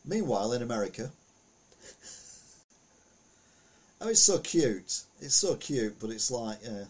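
A man's voice: mid-range voice, very animated, unhurried, slightly rough. A man giving a casual, rambling commentary on the week's news, full of anecdotes and asides.

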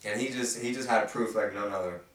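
A man's voice: on the low side, fairly quick, fairly bright tone, a little hiss or hum. A man leading a casual Bible study. He talks loosely and conversationally, reads scripture aloud, then stops to ask the group questions. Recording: roomy and distant from the mic.

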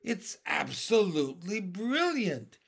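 A man voicing a calm, reasonable old male grasshopper in a storybook. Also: high-pitched, takes it slowly, gravelly, breathy edge, pitched above the performer's own voice, exaggerated voice.

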